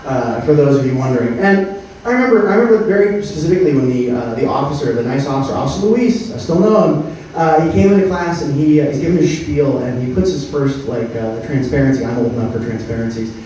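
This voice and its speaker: Man, stand-up comic, mellow voice, echoey club heard from afar, deadpan delivery. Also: medium pitch, brisk, slight background noise. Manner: deadpan with frequent "uh" fillers. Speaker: stand-up comedian. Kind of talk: stand-up comedy set. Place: comedy club stage. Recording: roomy club sound from a distance. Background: faint room ambience.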